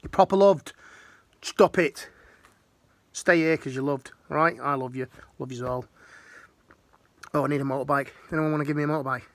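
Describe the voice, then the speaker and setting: Gravelly man, earnest pep talk. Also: on the high side, fairly even intonation, moderate pace, long pauses. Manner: earnest, slangy, rambling with restarts. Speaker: life coach, ex-military. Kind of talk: emotional motivational talk.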